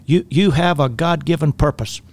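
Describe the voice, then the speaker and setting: A man's voice: fairly high pitch, normal speed, gravelly, darkish tone. Folksy man with a Southern drawl. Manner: folksy, rambling, with frequent restarts and fillers. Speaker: life coach and radio host. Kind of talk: faith-based talk radio teaching.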